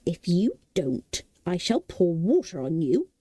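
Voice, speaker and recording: A woman's voice: fairly low pitch, huge pitch swings, measured pace, dark tone, breathy edge, no room sound, heavily acted. A woman voicing a fierce, bossy old woman in a storybook reading.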